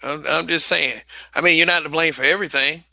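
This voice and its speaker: Blunt, bright-voiced male livestream host. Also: fairly high pitch, steady tone, brisk, vocal fry, no room sound. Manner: blunt and profane, with frequent restarts and repeated phrases. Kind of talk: casual livestream commentary.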